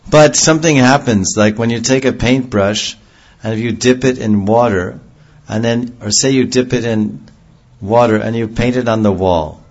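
A man's voice: medium pitch, normal speed, darkish tone, highs cut off, slight background noise. A man giving an earnest devotional sermon, explaining ideas with homely examples. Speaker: preacher.

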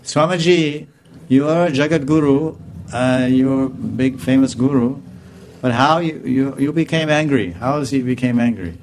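A man voicing an earnest male questioner from an audience, asking with eager, halting phrasing. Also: mid-range voice, noisy background, natural voice. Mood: puzzled.

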